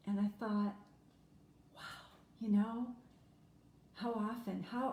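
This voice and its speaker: A woman's voice: medium pitch, warm tone. A woman speaking earnestly to camera about her own life, heartfelt, with many "you know"s. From Germany. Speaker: vlogger. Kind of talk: personal reflective talk to camera. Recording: echoey room with faint noise.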